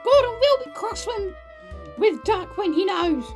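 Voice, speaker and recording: A woman voicing a chorus of cheeky, rude old freight trucks in a shrill, squeaky, singsong voice over background music. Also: big pitch swings, unhurried, darkish tone, heavily acted. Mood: jeering. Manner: taunting, singsong.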